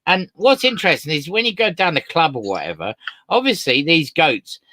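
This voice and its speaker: Lively bright-voiced man, deadpan host. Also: a little high, moderate pace, no room sound. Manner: mock-serious questioning, playing along. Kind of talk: deadpan comedy interview.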